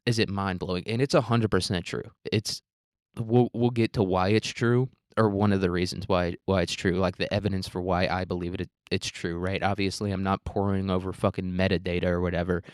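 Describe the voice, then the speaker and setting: Young male podcast host, low-pitched, dry close sound, profane, rambling and self-mocking. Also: level tone, a little fast, clean tone, no room sound. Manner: profane, rambling, self-deprecating, says "dude" a lot. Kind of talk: casual solo podcast monologue.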